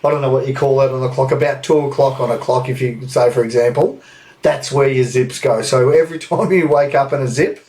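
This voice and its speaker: A man's voice: mid-range voice, fairly quick, a little mellow. An Australian man hosting a podcast, telling a story in a casual, sweary way and laughing often. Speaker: podcast host. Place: indoor room, recorded live.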